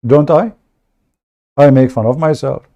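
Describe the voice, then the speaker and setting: A Middle Eastern man with an Arabic accent hosts an online debate show, delivering a casual livestream monologue at a measured pace. His medium-pitched, warm voice comes across blunt, joking and self-mocking, and he often repeats words.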